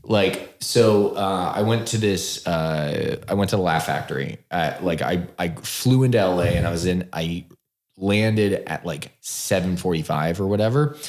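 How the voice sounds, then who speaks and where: Low-voiced man rambling in a roomy room. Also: measured pace, a little mellow. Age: 30s. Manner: rambling, profane, laughs often. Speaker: podcast co-host. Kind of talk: casual storytelling chat.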